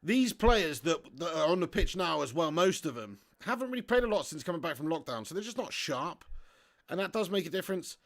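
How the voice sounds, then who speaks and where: A man hosting a live football watch-along, reading viewer chat aloud, swearing freely and bursting into shouts at big moments. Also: on the high side, big pitch swings, brisk. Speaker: fan channel host. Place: home setup in front of a green screen.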